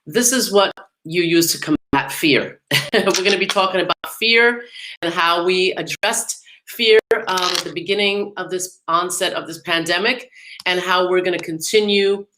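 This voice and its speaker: A woman from the New York/New Jersey area hosts a live music podcast, chatting casually with lots of laughter and filler words. Her voice sits fairly low and comes across pushed and bright at a normal speed. The recording is rough, with slight background noise.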